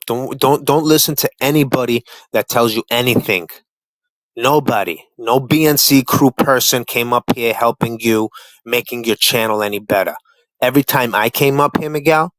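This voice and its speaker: A man's voice: medium pitch, a bit bright, dry recording, low-quality recording. Profane man ranting on a livestream. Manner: confrontational, profane, repetitive trash talk. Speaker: livestream panel guest. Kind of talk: heated livestream rant.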